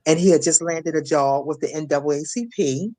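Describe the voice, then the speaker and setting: A middle-aged woman from Maryland giving an emotional personal testimony as an interview guest, halting, repeating words and acting out what others said. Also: low voice, dark tone. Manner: halting, repeats words, acts out quoted voices. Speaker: guest, shooting survivor.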